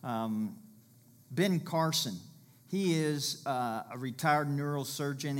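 Male pastor, conversational sermon delivery, mid-range voice, bursts of volume. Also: medium pitch. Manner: conversational preaching with illustrations, rises to loud calls.

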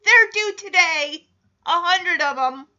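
A woman's voice: very high voice, expressive, slow pace, bright, forceful tone, muffled recording, heavily acted. A woman mimicking a bratty young girl who whines and demands cookies. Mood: bossy.

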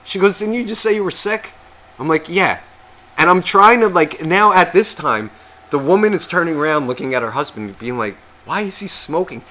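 Sick guy on a podcast, bright tense voice, swears a lot, mocks himself while acting out everyone in the story. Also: a little high, expressive, normal speed. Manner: profane, self-mocking storyteller acting out quotes. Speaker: podcast co-host. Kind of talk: casual storytelling chat.

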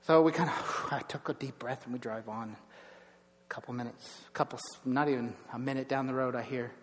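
A middle-aged man preaching a sermon as pastor, telling stories with lively bursts of emphasis. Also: medium pitch, normal speed, long reverb tail. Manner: storytelling, animated with bursts of emphasis. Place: church sanctuary.

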